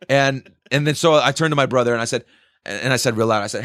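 A young man telling a concert story in casual chat, excitable and swearing, with loud quoted outbursts. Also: medium pitch, racing, no room sound, clean studio sound.

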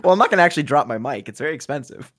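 A man's voice: a little high, animated, rapid-fire, a bit bright. A man in a casual podcast chat, playful and often laughing. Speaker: podcast co-host.

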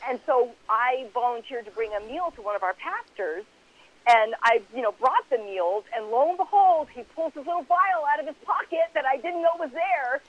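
A middle-aged woman, an author being interviewed, telling lively stories about raising her kids and acting out her own past reactions. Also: high voice, moderate pace. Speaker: author and guest. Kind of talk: conversational interview storytelling. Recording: muffled lo-fi phone-like line.

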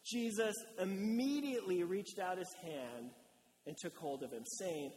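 A male pastor delivering a sermon in a conversational, animated way, acting out little quotes as he goes. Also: high voice, unhurried, in a large hall, slight background noise.

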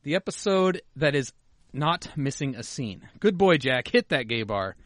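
His mid-range voice is sing-song and a bit bright, at normal speed, captured in a dry, studio-quality recording. As a podcast co-host, he reads out listener emails amid casual banter, joking, cursing and occasionally muttering.

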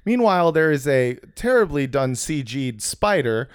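A man's voice: on the high side, very animated, moderate pace, clear, resonant tone, no echo, clean studio sound. A man co-hosting a casual comedy podcast, recapping a film in a rambling, profane way with many restarts.

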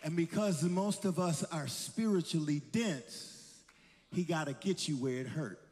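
Older pastor, high voice, sermon in a big echoey church, storytelling n shouting. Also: male voice, a little slow, slight background noise. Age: 60s. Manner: storytelling, building to shouted preaching.

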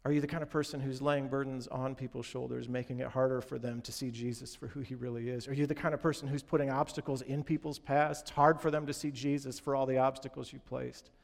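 A man's voice: medium pitch, little pitch movement, fast, vocal fry, hardly any pauses, big-room sound. A man preaching a sermon in an earnest, direct way, talking straight to his congregation. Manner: earnest, direct, addresses congregation as "you guys". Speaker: pastor.

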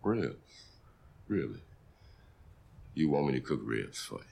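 A man's voice: rumbling low, big pitch swings, slow, gravelly, a little mellow, full character voice. An actor playing a proud, bitter male cook, speaking bluntly and sarcastically. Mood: hurt. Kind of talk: TV drama acting.

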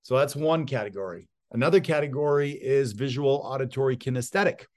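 A middle-aged man appears as a real estate guest expert in a conversational interview, handing out sales advice. He's an animated storyteller who acts out the voices of people he quotes, speaking at medium pitch and a little fast.

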